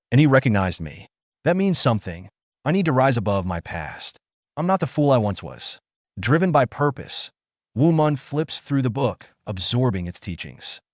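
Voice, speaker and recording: A man narrating a comic story recap in a steady, scripted storytelling manner. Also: fairly low pitch, no echo, studio quality.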